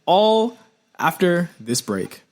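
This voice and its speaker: A man hosting a casual wrestling podcast with a fairly high voice. He speaks emphatically and repeats phrases to drive his points home. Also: sing-song, slow, a little mellow. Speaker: podcast host.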